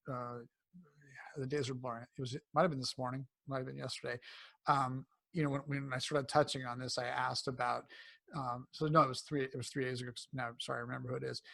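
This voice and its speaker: A man's voice: mid-range voice, flat delivery, brisk, gravelly, sharp tone, dry recording. A man speaking as a cancer coach in a conversational interview, rambling with many fillers and restarts, and turning emphatic and enthusiastic when he praises.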